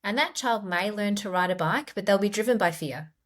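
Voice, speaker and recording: A middle-aged woman, a clinical psychologist, explaining ideas gently in a podcast interview. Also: mid-range voice, brisk. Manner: gentle, explanatory, acts out quoted inner voices.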